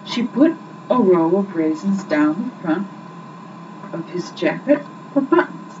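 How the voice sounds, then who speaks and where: A woman reading a children's story aloud as a storyteller, in an expressive, lively way. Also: lowish voice, unhurried. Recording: muffled distant recording with loud background hiss.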